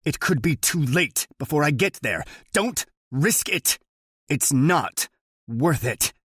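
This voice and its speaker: A man's voice: a little high, lively intonation, slow, a bit bright, husky, no echo, studio quality, pitched above the performer's own voice, exaggerated voice. Man playing a stern boss on the phone. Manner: firm and reproachful. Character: stern male superior on the phone. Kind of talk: audiobook narration.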